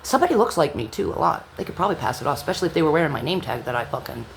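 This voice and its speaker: A woman telling an angry personal story in a blunt, profane vlog monologue that sometimes drops to a low whisper. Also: very animated, rapid-fire, creaky. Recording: echoey room with faint background hum.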